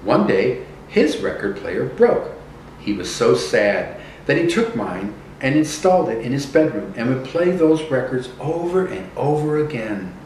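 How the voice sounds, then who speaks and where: A man's voice: medium pitch, big pitch swings, a little slow, a little mellow, a little hiss or hum. Guy reading as a sad puppet boy telling old memories, kinda hesitant, far off and roomy. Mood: sorrowful. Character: young boy puppet, wounded and remorseful. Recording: echoey room from a distance.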